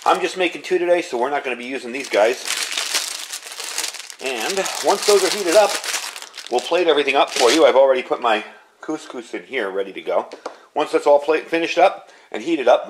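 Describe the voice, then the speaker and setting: A man's voice: a little high, brisk, noisy background. A man in his fifties chatting casually as he walks through a cooking demonstration. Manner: chatty, relaxed, talks while cooking. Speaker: home cook.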